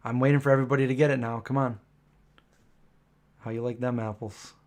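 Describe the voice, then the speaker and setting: Guy doing a casual live stream chat, rambly, lots of ums, mid pitch voice. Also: steady tone, a little fast. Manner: chatty, rambling, lots of um and self-correction.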